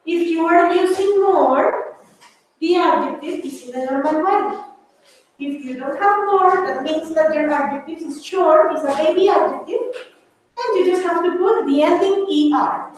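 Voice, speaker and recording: Woman teacher, Spanish native, very high voice, classroom lesson mixing two languages, heard from afar. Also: moderate pace. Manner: switches between English and Spanish, calls students babies. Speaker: English teacher. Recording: echoey room, far from mic, faint noise.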